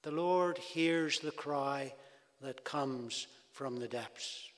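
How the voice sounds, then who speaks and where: A man preaching a sermon, speaking deliberately and rising with emphasis when he quotes cries to God. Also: medium pitch. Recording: long hall reverb.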